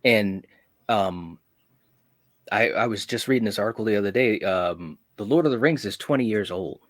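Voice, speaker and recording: A man's voice: fairly low pitch, normal speed, no echo. A man hosting a casual panel chat about movies, enthusiastic and reflective, often adding "man". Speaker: host.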